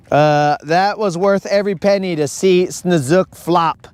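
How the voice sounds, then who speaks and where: A young male livestream host rants about football in a joking, casual tone and keeps saying bro. His voice sits a bit high, and he talks at an unhurried, drawn-out pace. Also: smooth. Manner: ranting, joking, says bro a lot. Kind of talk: casual live-stream rant.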